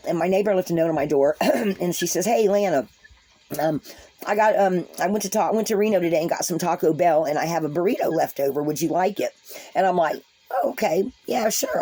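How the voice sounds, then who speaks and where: A woman's voice: on the low side, warm tone. A woman vlogger casually telling a story to her viewers, folksy and rambling, with frequent restarts and asides.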